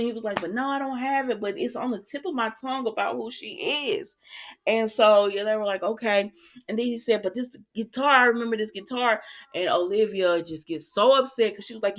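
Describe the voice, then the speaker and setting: A woman's voice: a little high, fairly quick. Chatty woman recapping a soap. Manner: chatty, talks straight to viewers, quotes characters, adds her own asides. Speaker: soap opera recap host. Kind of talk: casual chat, recapping a TV episode.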